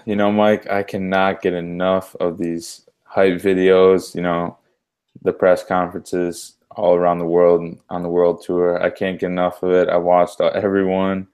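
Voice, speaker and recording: Casting: deep, monotone male co-host with a clean voice, eager and chuckly. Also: moderate pace, clean tone. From US Midwest. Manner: enthusiastic, chuckling, trailing off softly. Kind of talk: casual sports talk.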